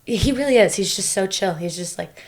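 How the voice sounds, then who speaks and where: A woman's voice: mid-range voice, lively intonation, brisk. Chatty young woman, rambling and open. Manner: chatty, many fillers and restarts. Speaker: podcast guest. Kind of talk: casual conversational interview.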